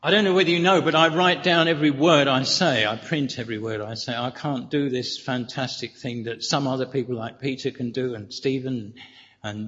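A man preaching a sermon in a church, speaking earnestly and deliberately, with emphatic repetition. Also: medium pitch, fairly bright tone. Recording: reverberant, dull lo-fi church recording.

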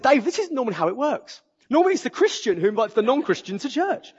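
A man preaching a sermon, exuberant and animated, telling humorous stories to a church audience. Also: very high-pitched, fast talker, hardly any pauses, husky. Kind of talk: sermon with storytelling. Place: church auditorium. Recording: dull audio with long hall reverb.

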